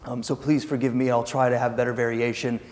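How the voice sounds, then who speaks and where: An apologetic wife from a TV skit says sorry to her husband, as a man quotes her. The voice stays at its usual mid pitch. A long reverb hangs in the air behind it. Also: flat delivery, quick pace, darkish tone, natural voice.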